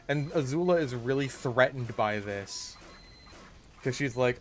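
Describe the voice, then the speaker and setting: A gaming YouTuber rants in voice-over over gameplay, exasperated and swearing a lot, his halting speech often stopping and restarting with "like". His voice is mid-range, with slight background noise.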